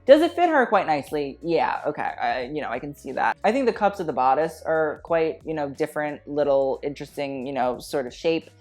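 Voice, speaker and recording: A woman's voice: sits low, expressive, fairly quick, few pauses, darkish tone. A woman giving casual fashion commentary, blunt and opinionated with a slangy way of talking, with faint music behind. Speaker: fashion critic vlogger.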